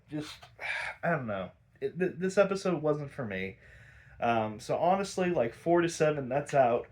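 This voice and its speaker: A young man reviewing a cartoon episode in casual, rambling chat, swearing often, sighing and exasperated. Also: a little high. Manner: sighs a lot, frequent fillers.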